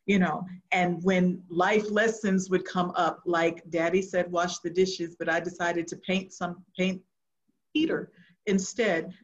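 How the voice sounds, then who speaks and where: A middle-aged woman preaching a sermon, telling an earnest personal testimony and going soft and hushed at the tender moments. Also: on the low side, moderate pace. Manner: earnest, storytelling, drops to soft tones for emotional moments. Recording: muffled lo-fi sound.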